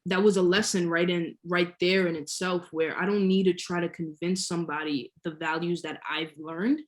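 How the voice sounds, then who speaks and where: A woman's voice: fairly low pitch, fairly even intonation, normal speed. A young woman, a guest entrepreneur, telling a story in a casual interview, laughing often and stretching key words. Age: young adult.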